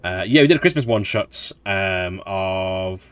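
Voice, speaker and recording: A man hosting a relaxed let's play, chatting in a rambling way while he explores a game and laughs often. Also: sits low, unhurried, smooth. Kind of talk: relaxed gameplay commentary.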